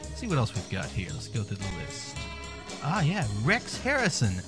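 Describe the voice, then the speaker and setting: A man's voice: medium pitch, wildly swooping pitch, moderate pace, over music. A man hosting a comic show, delivering a sarcastic, rambling, irreverent monologue. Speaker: podcast host.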